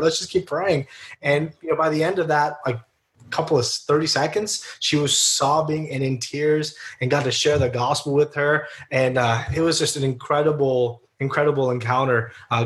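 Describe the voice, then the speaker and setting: A man's voice: on the high side, a bit bright. Earnest chatty man telling stories. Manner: earnest, chatty, with frequent fillers and restarts. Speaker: guest. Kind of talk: casual storytelling interview.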